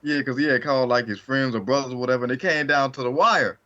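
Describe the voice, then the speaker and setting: A man co-hosting a podcast in relaxed, casual chat, recorded on a dull lo-fi mic. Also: medium pitch, fast talker. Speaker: podcast co-host.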